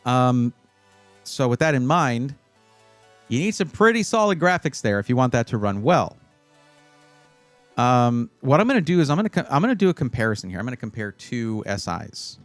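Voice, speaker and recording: With soft background music and no room sound, a man of medium pitch talks at a moderate pace with big swings in pitch. He chats on a casual livestream, reading viewer comments and giving computer buying advice in a playful, rambling way that includes restarted phrases.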